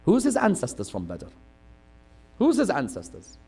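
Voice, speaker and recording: A man preaching an impassioned religious sermon, swinging from loud cries to hushed asides and asking rhetorical questions. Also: sits high, huge pitch swings, moderate pace, breathy edge, soft background music.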